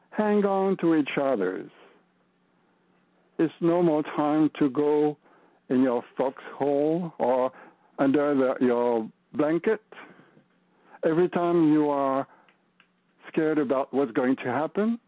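A man's voice: fairly high pitch, dry recording. Saint Germain, as a man puts on a French-accented spirit. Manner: earnest, urging, slow and emphatic. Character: loving male ascended-master spirit, French-accented. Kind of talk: channeling session. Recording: tinny call line, dry.

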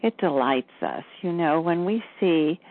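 A woman channeling a gentle male spirit teacher, reassuring and unhurried, over a tinny call line. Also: low-pitched, lively intonation, pitched below the performer's own voice. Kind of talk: channeling session.

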